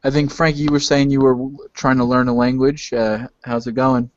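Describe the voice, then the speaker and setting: A man's voice: medium pitch, flat delivery, moderate pace, dry recording. A man hosting a casual chat, asking curious questions and tripping over his words. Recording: dull dry lo-fi recording.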